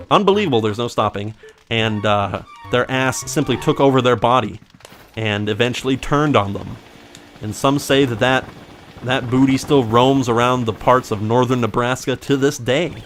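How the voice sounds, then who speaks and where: Let's-play host: man, mid-pitched, very animated delivery, goofy improvised asides over gameplay. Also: a little hiss or hum. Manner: joking, rambling, makes up silly backstories. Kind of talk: casual gameplay commentary.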